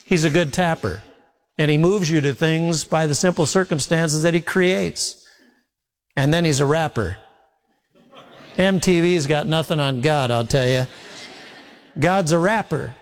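A man's voice: on the high side, a little slow, pauses often. A male pastor preaching a sermon in a folksy, repetitive way, telling homely stories. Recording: long reverb of a large hall.

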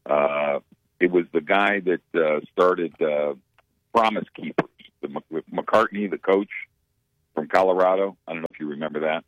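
A man's voice: low voice, normal speed, no room sound. A man chatting casually about college football, rambling with many fillers. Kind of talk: casual sports chat. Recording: dull radio audio.

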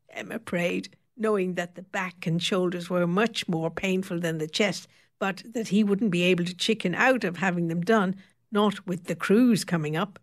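A woman narrating a story in a steady, wry storytelling manner. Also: on the low side, normal speed. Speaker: audiobook narrator. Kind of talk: scripted narration.

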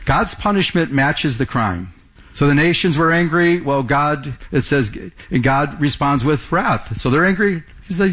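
A man's voice: on the high side, expressive, a little slow, fairly bright tone. A middle-aged male pastor giving a conversational sermon and often restarting his sentences. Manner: conversational preaching with frequent restarts and stammered repeats.

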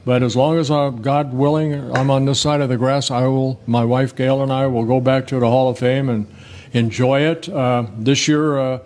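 A man's voice: mid-range voice, fairly even intonation, moderate pace, darkish tone. An older man in an interview, telling rambling, folksy stories with many restarts. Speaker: guest, former pitcher. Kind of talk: relaxed interview storytelling.

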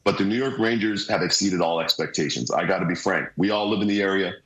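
A man with a hoarse voice, talking as a guest hockey analyst over a video call, energetic and repeating phrases for emphasis. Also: low voice, fast talker, reverberant, low-quality recording. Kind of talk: casual sports talk. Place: remote room, joining by video.

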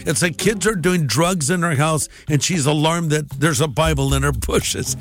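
A pastor telling his personal testimony in an animated way, acting out the dialogue. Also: a little high, normal speed, hardly any pauses.

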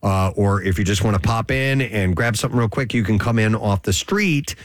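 A man with a fairly low voice hosts a radio show, rambling through stories in an easygoing way with plenty of "uh"s. He sounds close and dry in a studio, with no room echo. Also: lively intonation, a little fast. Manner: rambling, easygoing storytelling with many fillers. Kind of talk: casual studio chat.

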